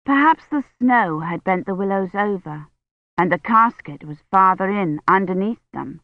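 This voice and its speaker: A woman narrating an audiobook in a measured, even storytelling manner. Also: medium pitch, dry recording, narrow, tinny audio. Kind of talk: scripted narration.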